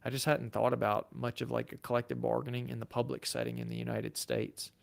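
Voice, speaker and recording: A man's voice: mid-range voice, level tone, fast, gravelly. A man with a Southern US accent, a lawyer hosting a livestream, who answers viewer questions in a casual, chatty way and thinks aloud. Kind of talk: live Q&A, reading viewer comments.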